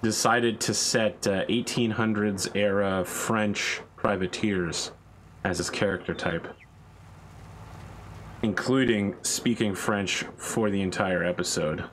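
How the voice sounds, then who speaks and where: A deep-voiced man hosts a game stream, tossing off jokes and tangents in loose casual chat. His talk wanders and restarts, and a faint hum sits in the background. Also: fairly even intonation, slow pace, a bit bright, low-quality recording. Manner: joking, rambling banter with restarts.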